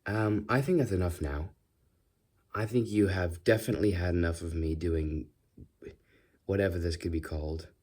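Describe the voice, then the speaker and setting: Husky man rambling to his phone. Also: low-pitched, moderate pace, long pauses, a little mellow. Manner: rambling, self-questioning, jokey. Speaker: ASMR vlogger. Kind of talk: rambling solo talk to a phone camera. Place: his bedroom.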